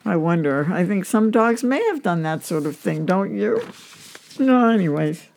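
A woman's voice: fairly low pitch, very animated, normal speed, a little mellow. A woman hosting a podcast, telling dog jokes in a chatty, amused way. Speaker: host.

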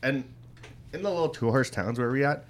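A young podcast co-host in casual chat tells a work story, laid-back and swearing, often laughing as he talks. His mid-range voice moves a little fast.

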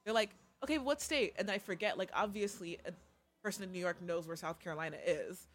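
A young woman from the southern United States, co-hosting a podcast in a quick, chatty way. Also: fairly low pitch. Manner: quick, chatty, swears casually. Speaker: podcast co-host. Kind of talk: casual chat.

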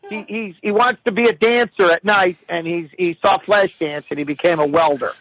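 A man telling rambling comic stories in a casual, profane, animated way. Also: high-pitched, normal speed, rough recording. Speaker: regular of the show. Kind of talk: casual comedic storytelling.

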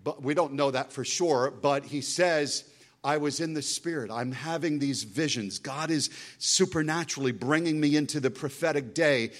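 A man preaching a sermon as a guest speaker, impassioned, swinging between loud emphatic lines and hushed, intense ones, and slowing into dramatic readings of scripture. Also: a little high. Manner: quotes scripture in a slowed, dramatic read.

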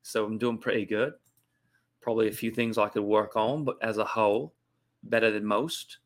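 A man's voice: fairly low pitch, fairly even intonation, normal speed, voice pushed down, natural voice. A man putting on a playful mock Australian accent for a comedy show, mixing a British sound with a Southern drawl. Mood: joking.

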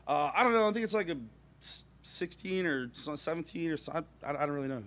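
A man telling a funny personal anecdote, expressive, dropping into hushed asides and rising to near-shouts, chuckling as he goes. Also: medium pitch, fast talker. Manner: chuckles through his own story. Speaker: storyteller.

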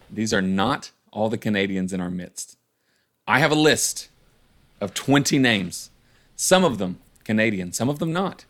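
A male podcast host chatting casually from home, quick to laugh and fond of playful apologetic asides. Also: on the low side, lively intonation, fairly bright tone. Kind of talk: casual chat.

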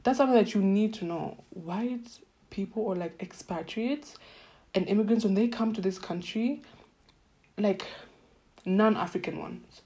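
A young Kenyan woman with a warm, mellow voice and a Kenyan accent. She tells stories casually and animatedly, playing out her own reactions as she goes. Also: medium pitch. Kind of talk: casual storytelling.

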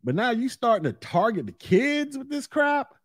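Man, podcast host, high-pitched voice, blunt profane rant, dry close sound. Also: very animated, moderate pace, no echo. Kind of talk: solo opinion podcast. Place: recorded in Florida.

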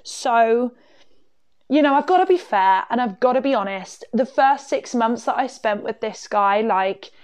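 A woman's voice: a little high, expressive, unhurried, no room sound. A woman hosting a podcast, telling a personal story in a candid, chatty, self-mocking way with many fillers. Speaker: podcast host. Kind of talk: casual storytelling.

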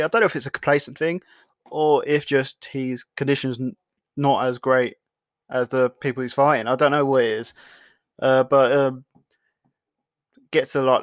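A man's voice: mid-range voice, no room sound. A young man hosting a podcast, talking loosely and swearing a lot, often restarting his sentences. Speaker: podcast host. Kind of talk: casual solo commentary.

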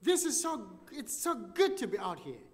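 A beaming, overly friendly preacher who gushes in a high, lively voice that bounces up and down, as a man puts him on. A long reverb hangs behind it. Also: moderate pace, full character voice. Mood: gushing. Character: cheerful, bubbling middle-aged male preacher.

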